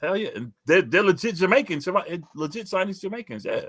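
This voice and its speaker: A man from the Bronx with a New York accent, co-hosting a casual podcast and talking loud and emphatic, often repeating himself. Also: sits high, very animated, quick pace, no room sound, studio quality. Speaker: podcast co-host.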